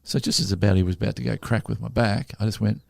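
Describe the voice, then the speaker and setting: A man's voice: lowish voice, quick pace, vocal fry, a little mellow, no echo, studio quality. A man with an Australian accent, co-hosting a casual podcast and telling a rambling story that keeps restarting itself. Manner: rambling, self-interrupting storyteller. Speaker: podcast co-host. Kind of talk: casual chat.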